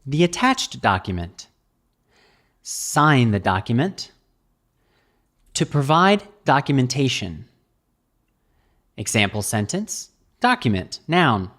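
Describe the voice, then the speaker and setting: A man with an American accent reading a scripted vocabulary lesson, enunciating each word slowly and clearly. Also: mid-range voice, very animated, fairly bright tone. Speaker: English vocabulary teacher.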